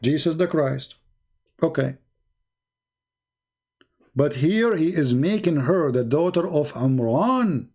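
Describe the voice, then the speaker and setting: A man's voice: a little high, animated, slow, long pauses, darkish tone. Insistent man in a heated debate. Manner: insistent, repeats phrases. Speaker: debate show host.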